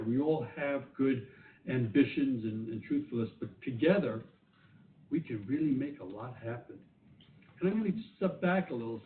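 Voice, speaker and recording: A man with a New York accent giving earnest keynote remarks at a community meeting, repeating phrases for emphasis. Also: medium pitch. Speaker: government director giving keynote. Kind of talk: conference call keynote remarks. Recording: tinny phone line, echoey, far from mic, faint noise.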